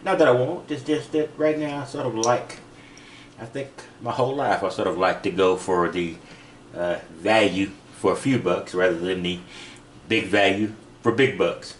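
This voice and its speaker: A man casually showing a pocket knife in a vlog, talking in a rambling, halting way with many fillers. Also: lowish voice, steady tone, slight background noise. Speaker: knife reviewer. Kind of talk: casual product demo vlog. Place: van.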